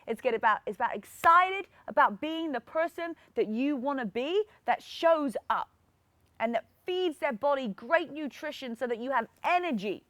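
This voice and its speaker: A woman's voice: high-pitched, fairly bright tone, no echo. A woman in her thirties hosting a fitness podcast, giving upbeat, motivational coaching straight to the listener. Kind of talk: motivational solo podcast talk.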